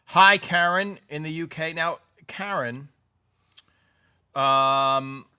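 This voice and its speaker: A man's voice: a little high, slow, pushed and bright, clean tone. An American man hosting a live stream, chatting casually and reading out viewer comments, often correcting himself. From United States. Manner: chatty, reads comments aloud, self-corrects.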